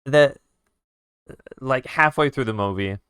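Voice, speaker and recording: A man streaming live, retelling a movie plot in a casual, swearing, animated way with sound effects. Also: mid-range voice, takes it slowly, clear, resonant tone, no echo, studio quality. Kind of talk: casual storytelling while drawing on stream.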